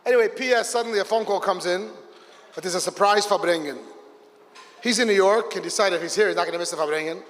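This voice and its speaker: A man, a rabbi, telling a story at a Hasidic gathering, lively and acting out the people in it. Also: high voice, fast. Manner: animated, voices characters in the story. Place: large hall with a gathered audience. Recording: long hall reverb.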